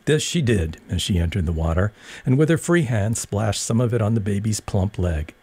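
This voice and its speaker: A fairly low, slightly rough male voice narrates an audiobook with steady, measured delivery. There's no echo in the recording.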